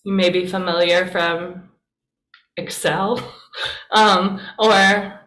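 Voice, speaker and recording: A woman's voice: medium pitch, a bit bright. A woman pastor teaching a casual class, chatty and encouraging, with plenty of fillers. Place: church meeting room. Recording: roomy echo.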